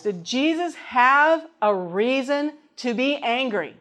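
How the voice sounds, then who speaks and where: A woman's voice: fairly high pitch, lively intonation, takes it slowly, fairly bright tone. A middle-aged woman preaching a sermon in an earnest way, reading scripture aloud and asking her listeners questions.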